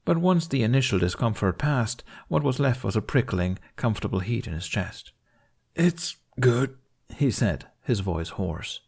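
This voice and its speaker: A man with a lowish voice narrates a story chapter in an audiobook style. His delivery is calm and measured. He keeps an even, storytelling pace. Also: vocal fry, husky. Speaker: fan fiction reader.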